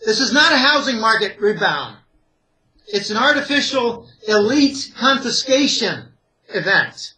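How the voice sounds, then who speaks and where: The voice sits high and sounds sing-song, pushed and bright, moving at a measured pace over poor audio. It belongs to an economic analyst from Greater Pittsburgh, USA, who, as an interview guest, keeps pressing emphatic, opinionated warnings.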